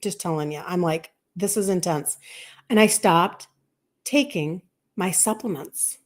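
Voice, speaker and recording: A woman in her fifties, a health coach on a live stream, telling a personal story in a chatty, animated way and acting out bits of dialogue. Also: lowish voice, measured pace. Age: 50s.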